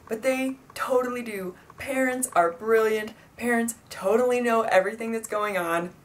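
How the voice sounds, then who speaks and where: A young woman around twenty talks straight to her viewers in a casual advice vlog. Her voice sits slightly lower than most women's, and she rambles in a friendly, filler-heavy way, slipping into little impressions of the people in her stories. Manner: chatty, filler-heavy, acts out quoted dialogue. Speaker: vlogger.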